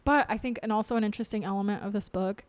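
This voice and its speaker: A young woman co-hosting a casual book podcast, laughing often and trailing off into quiet, mumbled asides. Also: mid-range voice, steady tone, racing, dry recording. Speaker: podcast co-host. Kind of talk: casual chat about a book.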